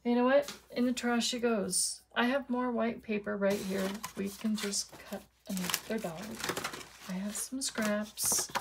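Gravelly-voiced chatty woman crafter. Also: mid-range voice, fairly even intonation, measured pace, background noise. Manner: chatty, talks to viewers while working. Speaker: card-making vlogger. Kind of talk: casual crafting tutorial.

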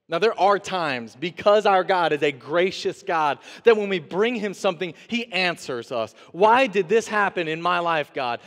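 A man preaching a sermon, his slightly high voice carrying through a church sanctuary with a long reverb tail. He delivers it with animation, moving between quiet, low asides and raised, pleading lines when he voices the people in his text. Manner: animated preaching, acts out voices of God and the prophet. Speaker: interim pastor.

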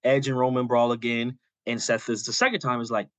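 A man's voice: mid-range voice, level tone, a little fast, few pauses, fairly bright tone, no echo. A man co-hosting a podcast, telling a long story in a loose, rambling way full of "like" and "you know," and acting out quoted lines as he goes. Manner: acts out quoted lines in passing. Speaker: podcast co-host.

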